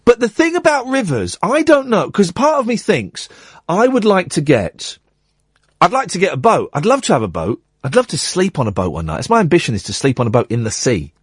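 Man, middle-aged, husky voice, very animated pitch, radio storytelling, dry studio. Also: a little fast, no echo. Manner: animated anecdote with acted-out quotes. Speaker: radio host.

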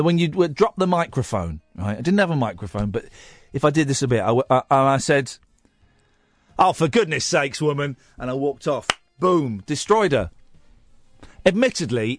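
A man hosting a radio phone-in, telling a rambling story in an animated way, in a studio at a studio mic. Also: mid-range voice, no room sound. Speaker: radio host. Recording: dry studio sound.

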